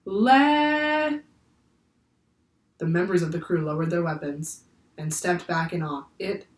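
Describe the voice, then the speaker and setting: A woman teacher reading a children's book aloud in clear, steady storytelling. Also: deep voice, a little fast. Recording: echoey room, far from the mic.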